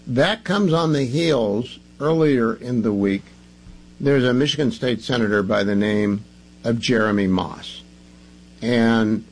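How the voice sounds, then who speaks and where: A man's voice: mid-range voice, a little hiss or hum, low-quality recording. A man hosting a talk radio show, delivering emphatic, combative commentary and hammering points through repetition.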